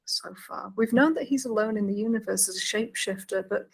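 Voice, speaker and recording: A woman co-hosting a casual podcast, recapping an episode in an animated way and acting out the lines she quotes. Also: medium pitch, fast talker, gravelly, breathy edge, distant mic. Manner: animated, reads out lines in put-on voices. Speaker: podcast co-host.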